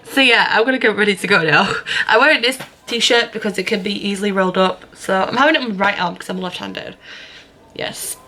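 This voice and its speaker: A young woman talks straight to the camera in a loose, chatty vlog. Her voice is bright and clear, and she rambles along with plenty of ums and self-corrections. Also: mid-range voice, a little fast. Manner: rambling, chatty, many fillers and restarts. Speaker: vlogger. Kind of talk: casual vlog chat.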